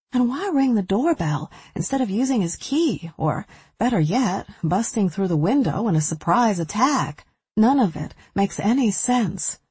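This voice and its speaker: A woman's voice: mid-range voice, a little mellow, husky, dry recording. A woman reading a first-person thriller novel aloud with anxious tension. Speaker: audiobook narrator.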